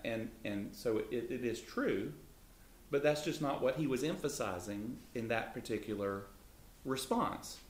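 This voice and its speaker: A man teaching about the Bible in a relaxed way, with his voice leaping up when he acts out quotes. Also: measured pace, slight background noise. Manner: lively, pitch jumps up when voicing Jesus. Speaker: co-host of a Christian talk show. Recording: echoey room.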